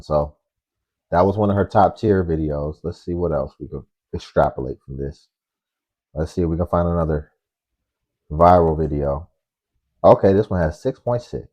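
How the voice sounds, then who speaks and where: A man hosting a reaction video, speaking in a relaxed, slangy way as he comments casually. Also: rumbling low. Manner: relaxed, slangy, drawls and hedges. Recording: dull lo-fi audio.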